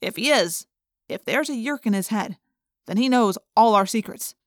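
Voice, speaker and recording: A woman's voice: fairly high pitch, lively intonation, normal speed, no room sound, studio quality, close to an everyday voice. A woman voicing a shrewd, skeptical teenage boy in a wry manner. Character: shrewd, wisecracking teen boy. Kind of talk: audiobook character reading.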